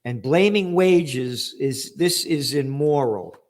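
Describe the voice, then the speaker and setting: An older man rants about the news in an angry, profane, emphatic way. His voice sits at an ordinary middle pitch for a man. He punches key words and mocks what he reads out. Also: lively intonation, slow, a little mellow. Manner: angry, profane, emphatic ranting with sarcastic mock quotes. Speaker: trends forecaster hosting a news commentary. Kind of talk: ranting news commentary.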